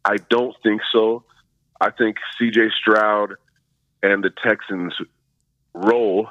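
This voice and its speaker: A man co-hosting a casual sports talk, making slow, deliberate predictions. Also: on the low side, fairly even intonation, no room sound. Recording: dull, lo-fi dry sound.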